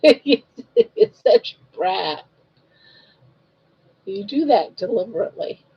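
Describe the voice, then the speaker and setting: A woman's voice: mid-range voice, expressive, slow pace, husky. An older woman hosting a live crochet stream, chatting casually and cooing sing-song baby talk to her dog. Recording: dull lo-fi stream audio.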